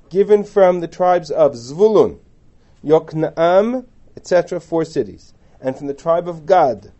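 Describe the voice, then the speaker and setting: A man teaches a scripture lesson, reading each verse aloud and then translating it line by line. His voice is warm and mellow and swings lively up and down in pitch. The recording sounds dull and muffled. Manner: chatty asides and rhetorical questions. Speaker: Torah teacher. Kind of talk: lecture on a biblical text.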